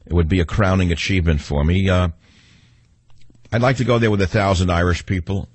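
A man's voice: low voice, fairly even intonation, brisk, husky, no room sound. A man with a New York accent hosting a talk radio show in a combative, sarcastic monologue.

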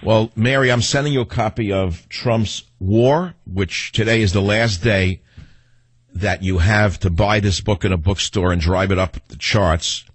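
A man's voice: fairly low pitch, a little slow, husky, no room sound. A middle-aged man hosting a talk radio show, ranting combatively and taking calls. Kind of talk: talk radio monologue and call-in.

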